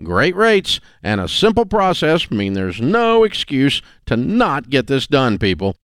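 Male ad reader, smooth resonant voice, lively emphatic read. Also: mid-range voice, measured pace, no echo, clean studio sound. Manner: emphatic, persuasive. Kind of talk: read commercial. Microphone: studio mic.

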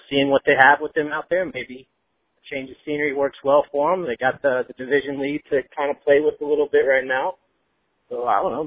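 A man's voice: on the high side, dry recording. Earnest man on a tinny voicemail. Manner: earnest, measured. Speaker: caller leaving a voicemail. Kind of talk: voicemail message.

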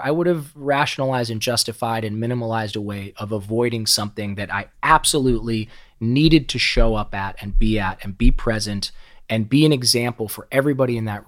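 A middle-aged man speaking as a podcast guest, at an ordinary mid-range pitch for a man. He tells stories in a raw, heartfelt way, swearing freely and stumbling over repeated words as he goes. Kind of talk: candid conversational storytelling.

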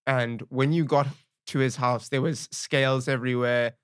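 Male podcast host, mid-pitched, dry sound, brief prompting questions. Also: fairly even intonation, moderate pace, smooth, dry recording. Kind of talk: interview questions.

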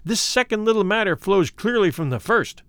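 A man voicing a smooth, worldly and ruthless male doctor who talks in a coolly persuasive, condescending way. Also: sits high, expressive, normal speed, a bit bright, no room sound, voice pushed up.

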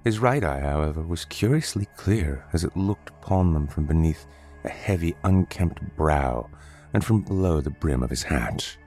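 A man reading a story aloud as narrator, in a measured, descriptive way. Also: extremely low pitch, expressive, darkish tone. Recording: faint background music.

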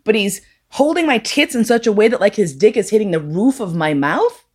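A woman telling a bawdy story live, with frank profanity and lively acted-out dialogue. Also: medium pitch, brisk, husky. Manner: profane, animated, acts out quoted voices. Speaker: storyteller guest.

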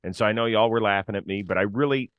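A man's voice: on the low side, quick pace, clean tone, no room sound, lo-fi sound. A middle-aged man hosting a casual sports talk show, leading the conversation and setting up topics. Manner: conversational, leads the segments. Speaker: podcast host.

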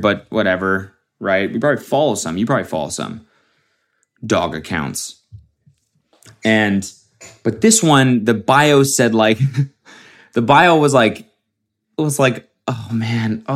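A man hosting a podcast, ranting casually and mockingly, with frequent swearing, from a very hot room. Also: fairly low pitch. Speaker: podcast host. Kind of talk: casual solo rant.

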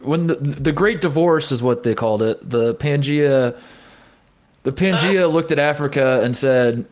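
A man's voice: on the high side, measured pace. A man from Indiana co-hosting a sports podcast, rambling and joking through casual chat and laughing often. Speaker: podcast co-host.

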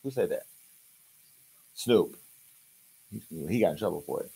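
A man's voice: lowish voice, animated, measured pace, gravelly, breathy edge. Foul-mouthed man ranting on his show. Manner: profane, loud, swinging from joking to angry. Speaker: show host. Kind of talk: uncensored comedic rant.

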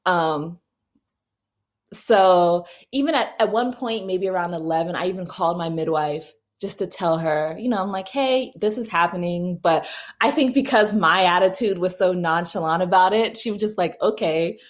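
Young woman, slightly low voice, casual story, chatty, laughs often, lots of fillers. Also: moderate pace. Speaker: mother telling her birth story.

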